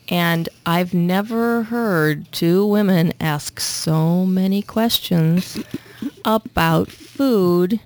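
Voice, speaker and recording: A woman's voice: medium pitch, vocal fry. A woman co-hosting a casual chat, telling tangent-filled stories and laughing easily. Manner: chatty, tangent-prone storyteller who laughs easily. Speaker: co-host.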